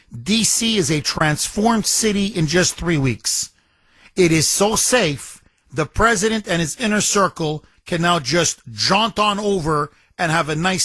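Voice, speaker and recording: A man's voice: sits high, sharp tone, no room sound. A man hosting a talk radio show, delivering a combative, emphatic and mocking monologue from a studio microphone.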